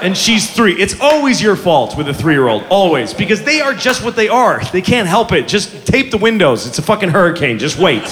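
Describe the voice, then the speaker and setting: A man in his forties doing stand-up, telling a story in a profane, self-mocking, animated way. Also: high voice, normal speed, few pauses, long reverb tail. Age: 40s. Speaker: stand-up comedian. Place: comedy club stage with audience. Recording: live club room with crowd and noise.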